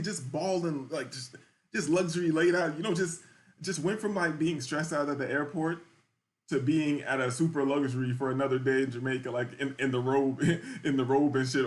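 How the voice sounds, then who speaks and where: A young man telling a loose, slangy story in casual podcast chat, often checking in with the listener. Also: on the high side. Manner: loose and slangy, keeps asking "you feel me". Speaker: podcast host.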